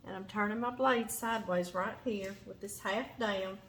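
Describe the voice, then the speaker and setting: With a medium, slightly bright voice, fairly even intonation and normal speed, this Southern home cook from Louisiana demonstrates her knife skills. She chats in a folksy way and addresses the vegetables while chopping and kitchen sounds carry in the background.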